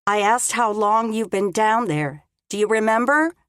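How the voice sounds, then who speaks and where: A woman's voice: mid-range voice, unhurried, a bit bright, smooth, no echo, studio quality, voice pushed up, natural voice. A woman voicing a worried young man calling out. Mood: urgent. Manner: urgent, calling out, tender.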